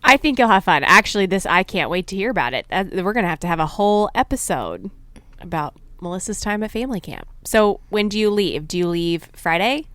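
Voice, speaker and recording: A woman in her thirties co-hosting a podcast, telling stories in a relaxed, chatty way with easy laughs. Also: medium pitch, a little fast, no echo. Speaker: podcast co-host. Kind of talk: casual chat.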